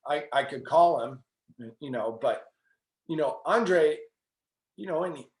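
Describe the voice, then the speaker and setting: A man's voice: on the high side, expressive, a little slow, reverberant. A middle-aged man, a tennis coach, talking in a webinar, telling stories with quoted asides and frequent "you know". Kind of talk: webinar talk.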